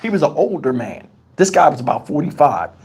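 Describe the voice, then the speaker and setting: A man's voice: fairly high pitch, sing-song, a little fast, darkish tone, husky. A man hosting a livestream, telling a story in a casual, profane and colloquial way on a lapel mic. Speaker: channel host. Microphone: wireless lapel mic.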